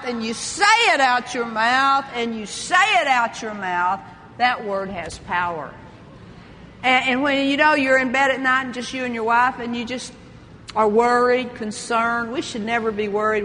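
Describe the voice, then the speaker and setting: A woman's voice: fairly high pitch, fairly bright tone, long reverb tail, slight background noise. An older woman preaching a sermon with fervour, reading scripture aloud and calling out praise. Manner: fervent, reads scripture aloud, exclamations of praise.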